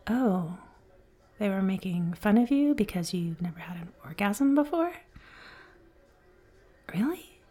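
A woman voicing a flirty, caring female bartender in a whispered role-play, speaking softly, slowly and soothingly, with a teasing edge. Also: mid-range voice, expressive. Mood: tender. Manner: soft, slow, soothing, teasing.

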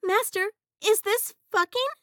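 A woman voicing an eager, naive female genie servant in a high, loud, wide-eyed innocent voice. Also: measured pace, no room sound, studio quality, full character voice.

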